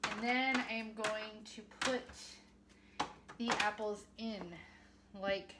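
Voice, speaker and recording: A woman in her forties with a mid-range voice films a cooking vlog in her home kitchen. She chats casually and pokes fun at herself while she works. Household noise is clearly heard behind her. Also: mid-range voice, fairly even intonation, slow pace. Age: 40s. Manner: chatty, self-mocking, talks to viewers while working.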